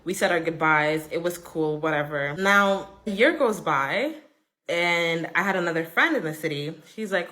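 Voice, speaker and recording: A woman with a slightly low voice tells a story in casual chat. She talks in an emphatic, chatty way, leaning on fillers. Her quoted friends jump up in pitch. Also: lively intonation, normal speed, bright, forceful tone. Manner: chatty, emphatic, full of "like" and "okay?".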